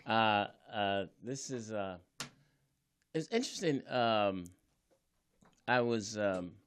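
A low-voiced man chats casually. He mostly listens, adding brief questions and low-key reactions. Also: takes it slowly, slight background noise. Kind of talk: casual chat.

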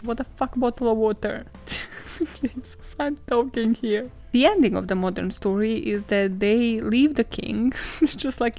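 A woman's voice: on the high side, measured pace, a little mellow. Sarcastic, swearing woman podcast host. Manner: sarcastic, profane, laughs often, lots of filler "like". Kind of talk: casual comedic storytelling.

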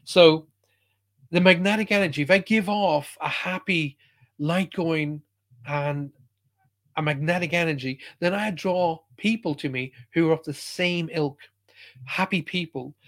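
A man's voice: on the high side, unhurried, a bit bright. A middle-aged man giving an emphatic motivational talk as a spiritual speaker, often checking in with listeners.

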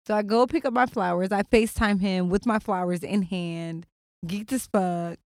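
A young woman co-hosting a podcast, telling stories in a blunt, profane and animated casual chat. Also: mid-range voice, moderate pace, no room sound, clean studio sound. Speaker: podcast co-host.

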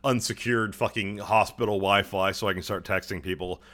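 A young man on a podcast, telling a long story casually, swearing often and putting on quick voices for the people in it. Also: fairly low pitch, fairly even intonation, fairly bright tone. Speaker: podcast co-host. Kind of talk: casual chat.

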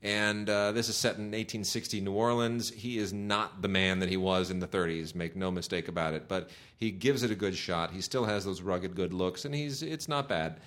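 A man's voice: sits low, normal speed, few pauses, a bit bright. Chatty middle-aged man reviewing movies. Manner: enthusiastic, sarcastic, many fillers and restarts. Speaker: podcast co-host reviewing home video releases. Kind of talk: casual chat.

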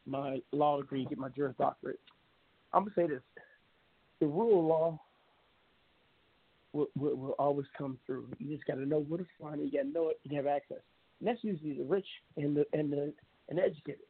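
A man's voice: a little high, slightly rough, dry recording. A man hosting an internet radio talk show, speaking in a blunt, meandering monologue full of restarts and fillers. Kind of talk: rambling monologue. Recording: narrow phone-like sound.

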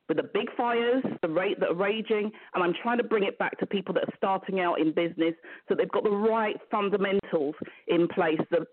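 A woman's voice: mid-range voice, no room sound. A woman with a London accent, a business mentor guest, chatting upbeat on a live show over a remote call. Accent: London English. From England. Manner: chatty, upbeat, repeats phrases. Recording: tinny phone-like line.

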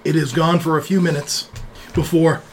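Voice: medium pitch, level tone, normal speed, a little hiss or hum. A game master narrating a tabletop game in a loose, casual way.

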